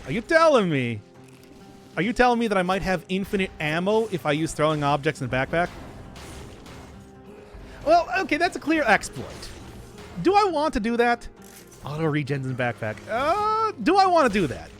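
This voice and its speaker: A man's voice: high voice, huge pitch swings, normal speed, long pauses, fairly bright tone, soft background music. A man streaming a video game, chatting casually with his viewers, rambling and laughing a lot. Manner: rambling, giggly, talks to chat. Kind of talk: casual gaming livestream chat.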